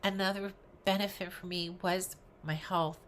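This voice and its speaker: Older woman, lowish voice, chatty, earnest, encouraging, casual vlog talk, faint background hiss. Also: steady tone, a little slow. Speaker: weight loss vlogger. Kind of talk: casual direct-to-camera talk.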